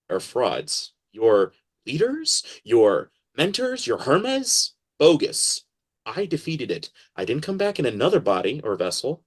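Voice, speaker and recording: A man talking as a podcast guest in a casual interview, animated and acting out quoted voices as he explains. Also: medium pitch, husky.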